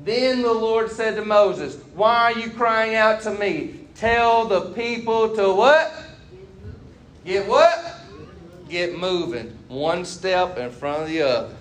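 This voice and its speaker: A man preaching a sermon as a pastor, asking the congregation questions and swinging between loud and quiet passages. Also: high voice, takes it slowly, slight background noise. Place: church sanctuary.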